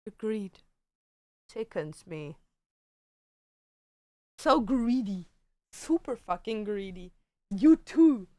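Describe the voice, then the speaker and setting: Her voice mellow, medium-pitched and sing-song, a woman chats casually on a home stream recorded dry. Between jokes she swears offhandedly, stretches out playful phrases, and talks to her cats in cooing baby talk.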